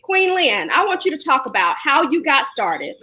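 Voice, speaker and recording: A woman's voice: high-pitched, very animated, normal speed, crowd noise, poor audio. Woman hosting a live video show. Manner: warm churchy encouragement, says y'all often. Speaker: host. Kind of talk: live online talk show chat. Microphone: video call.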